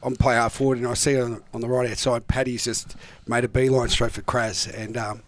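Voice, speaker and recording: A man's voice: mid-range voice, fairly quick, slight background noise. Australian man spinning a footy yarn. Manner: animated yarn-spinning, acts out quotes. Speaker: guest, former footballer. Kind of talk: casual storytelling.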